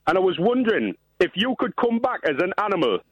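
A man's voice: sits high, sing-song, quick pace, a bit bright, slightly rough, dry recording, poor audio. A man phoning in to a radio show, chatty and calling the host mate. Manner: chatty, says mate and aye a lot. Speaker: caller. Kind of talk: phone-in chat.

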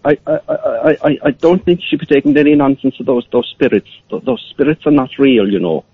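A man putting on a caller with a put-on Irish accent who stammers and keeps restarting. The voice is gravelly and husky, lively in pitch. It comes through a dull, muffled phone line. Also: brisk. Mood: earnest. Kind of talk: prank call to a radio phone-in.

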